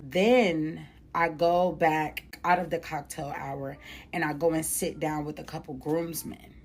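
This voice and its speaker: A woman's voice: low-pitched, steady tone, normal speed, a little mellow. A young woman earnestly recounting a painful personal experience in a heartfelt, colloquial way. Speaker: makeup artist. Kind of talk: emotional personal storytelling.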